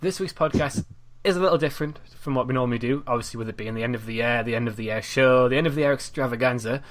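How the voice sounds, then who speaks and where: A man's voice: medium pitch, rapid-fire, slight background noise. Chatty man hosting a podcast. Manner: chatty, trails off quietly at sentence ends. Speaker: podcast host. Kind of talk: casual podcast chat.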